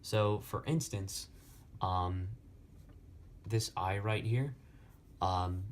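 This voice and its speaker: Slow, halting young man teaching Latin. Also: low voice, a little hiss or hum. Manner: slow, halting, many fillers. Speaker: Latin tutor. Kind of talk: explaining poetry lesson.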